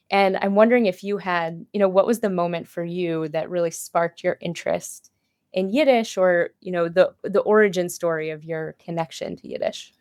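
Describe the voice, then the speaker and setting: Low-voiced woman host, dry sound. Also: no room sound. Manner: reflective, personal storytelling. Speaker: podcast co-host. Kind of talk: conversational interview.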